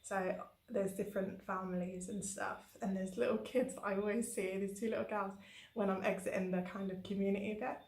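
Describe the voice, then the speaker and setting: A woman's voice: mid-range voice, a little fast, roomy sound. A woman from England chatting casually in a travel diary vlog, telling stories with lots of fillers. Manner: chatty, animated storytelling with many fillers. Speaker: travel vlogger.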